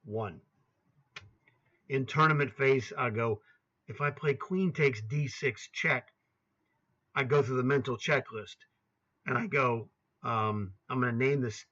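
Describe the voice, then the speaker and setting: A man's voice: mid-range voice, sharp tone, highs cut off. A man in his sixties teaching chess over a screen share, talking casually, naming squares aloud, and grumbling to himself now and then. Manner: chatty, grumbling asides, names squares aloud. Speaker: chess coach. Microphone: laptop setup.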